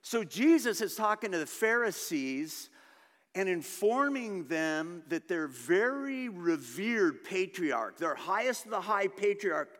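Animated preacher man in a reverberant hall. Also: sits high, takes it slowly. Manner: animated, emphatic preaching with conversational asides. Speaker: pastor. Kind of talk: sermon.

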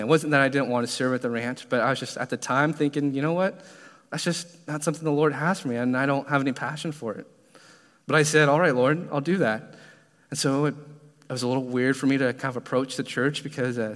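A man's voice: mid-range voice, fairly bright tone. Young man preaching in a reverberant church. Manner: earnest storytelling, acts out his own prayers. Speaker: youth pastor. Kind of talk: sermon. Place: church sanctuary. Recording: long reverb of a church hall.

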